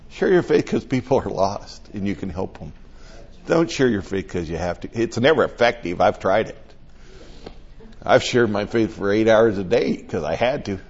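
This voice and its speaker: A man's voice: fairly low pitch, expressive, normal speed, slightly rough. Older man preaching, lo-fi. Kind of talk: conversational sermon.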